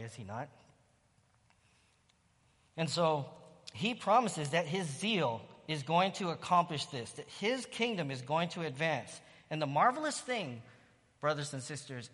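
A pastor preaching a sermon, calling out loud bursts of praise between stretches of plain Bible teaching. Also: male voice, on the high side, big-room sound. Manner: rises to loud exclamations of praise.

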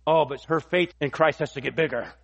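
A pastor preaching an expository sermon, emphatic and repeating key phrases for weight. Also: male voice, on the high side, a little fast, creaky, a bit bright, dull audio.

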